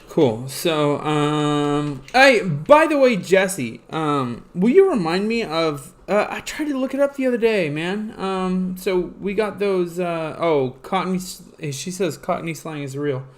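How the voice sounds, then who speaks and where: A man's voice: fairly high pitch, lively intonation, slow. A man hosting a casual livestream, rambling with many fillers and casual swearing. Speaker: livestream host.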